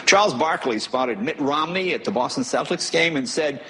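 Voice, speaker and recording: A man's voice: a little high, lively intonation, moderate pace. A man anchoring a TV news segment, chatting in an amused way, played as a clip. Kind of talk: cable news chat. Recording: clip from TV broadcast with loud crowd noise.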